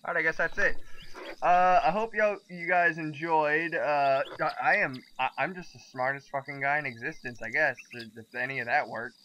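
A young man giving profane, excitable commentary on a game, yelping when startled, with game music behind him. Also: a little high, normal speed, muffled recording, slight background noise. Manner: excitable, swears a lot, yelps when startled. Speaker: gaming video host. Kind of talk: let's play commentary.

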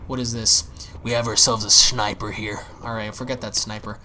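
A man giving excitable, profane live commentary while playing a zombie shooter, often repeating his words. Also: on the low side, normal speed, slight background noise. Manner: excitable, swears, exclaims and repeats himself. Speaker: gaming YouTuber.

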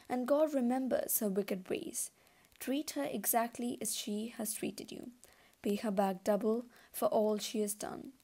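A woman reading scripture aloud at a middle pitch. Her tone is soft and mellow, and she takes each verse in a steady, deliberate way. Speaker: Bible reader.

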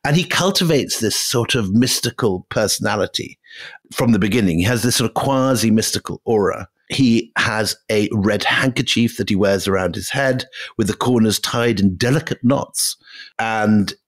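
Halting low-voiced male history podcaster. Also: no echo. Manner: halting, repeats words while thinking. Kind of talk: casual history chat.

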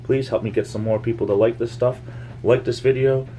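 A man's voice: mid-range voice, steady tone, brisk, mellow, slight background noise. A man vlogging casually from home, rambling in a meandering way, repeating his phrases and making up words as he goes. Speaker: YouTube vlogger. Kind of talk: casual rambling monologue to camera. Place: home, near the laundry.

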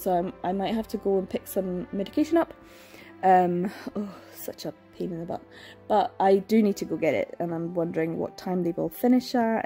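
A young woman chatting casually at home in a reading vlog, gushing and excitable, laughing and sighing often. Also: medium pitch. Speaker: book vlogger.

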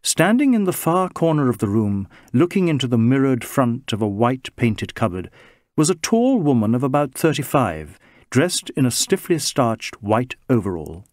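A man reading a novel aloud as narrator, in a measured, expressive manner. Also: mid-range voice, no echo, studio quality. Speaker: audiobook narrator. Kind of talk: scripted narration.

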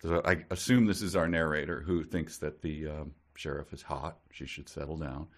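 A man's voice: extremely low pitch, steady tone, normal speed. A man co-hosting a podcast in casual chat, wryly mocking a book he reads aloud. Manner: wry, sarcastic, reads passages in silly put-on voices. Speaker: podcast co-host.

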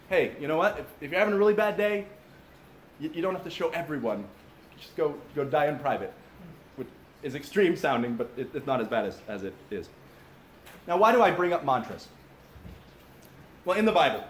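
Here a pastor with a fairly high voice preaches in an informal, conversational way at a father-son camp gathering, talking straight to the group with asides along the way. The room is echoey, with faint ambience and a little hiss or hum.

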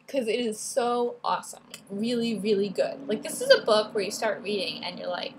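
A woman's voice: on the high side, expressive, fairly quick, hardly any pauses, noisy background. A teenage girl talking about books in a bubbly, chatty vlog, often drifting off topic, recording at school. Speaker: book vlogger. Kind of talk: casual book talk vlog.

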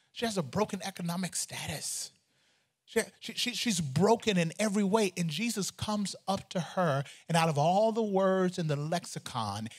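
A man, a pastor, preaching a sermon in an animated, conversational way with humor and repeated phrases. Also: high voice.

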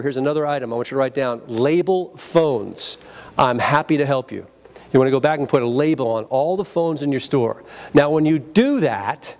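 A man presenting a live sales training seminar at a convention, acting out phone greetings and drawing the room into call-and-response. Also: a little high. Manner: energetic, acts out phone greetings, leads audience call-and-response.

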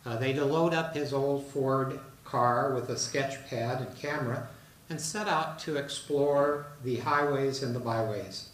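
A man giving a talk to an audience on an artist, pausing often with uh and um. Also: mid-range voice. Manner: halting, with many uh and um fillers. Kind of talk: presentation to an audience. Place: hall in a retirement residence. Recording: roomy hall, mic at a distance.

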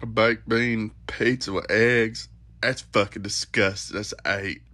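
A man's voice: fairly low pitch, steady tone, measured pace, pushed and bright. A man bluntly ranking food in a casual video, swearing and laughing at himself.

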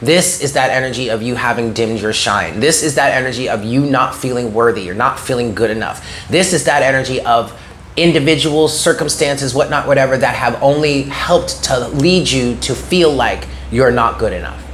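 A male tarot reader talks at a moderate pace, his mid-range voice fairly bright against slight background noise. Earnest and encouraging, he regularly checks in with "okay?"

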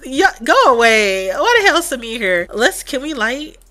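A woman chats her way through a life-sim game, sassy and full of slang. Her voice is bright and sharp, and her pitch bounces around a lot as she reacts. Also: big pitch swings, normal speed. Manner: sassy, slangy running chatter. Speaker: Sims let's player. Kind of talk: casual game commentary.

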